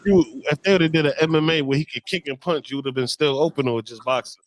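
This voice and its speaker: A man hosting a casual chat, animated and cursing as he fires off quick questions. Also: on the high side, rough recording. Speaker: host.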